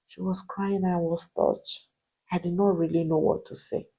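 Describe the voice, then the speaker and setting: A woman's voice: lowish voice, little pitch movement, moderate pace, creaky, warm tone, husky, muffled recording. A woman, a marriage coach preaching to wives in emphatic, repeated rhetorical questions. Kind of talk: motivational preaching.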